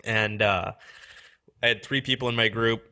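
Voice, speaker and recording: A man's voice: on the low side, fairly even intonation, normal speed, bright, forceful tone. A young man with a Canadian accent hosting a podcast, chatting casually and adding backstory. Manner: chatty, adds backstory with fillers. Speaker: podcast host.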